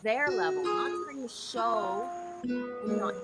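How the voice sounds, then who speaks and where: A woman's voice: mid-range voice, lively intonation, slow pace, loud music behind the voice. A woman in a casual online group chat, talking enthusiastically and rambling, with lots of likes and rights. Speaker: chat participant.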